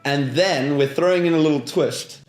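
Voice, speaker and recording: A man's voice: a little high, normal speed. A young man in his twenties hosting a comedy improv game, playful and slipping into put-on accents. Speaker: host. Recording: echoey room with music behind.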